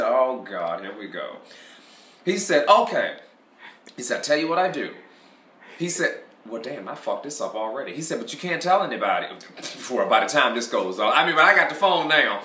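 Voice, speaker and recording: A man of medium pitch and moderate pace recounts a comical shop dispute, playing both parties with lively energy. The talk is casual, peppered with free swearing and laughter, and his voice is reverberant.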